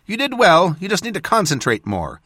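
A woman's voice: lowish voice, wildly swooping pitch, fairly quick, fairly bright tone, dry recording, voice pushed up, exaggerated voice. A man voicing a tough, teasing woman assassin in an audiobook, with dry, clipped lines. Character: tough teasing female assassin, calm and blunt.

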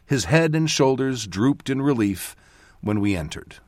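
A man's voice: a little slow, dry recording. This is a male narrator telling a fantasy story in a scripted reading style. His voice rises and falls a great deal as he moves between characters. The recording is dry and close, with no room sound. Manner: voices characters with lively shifts in pitch and loudness. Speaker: audiobook narrator.

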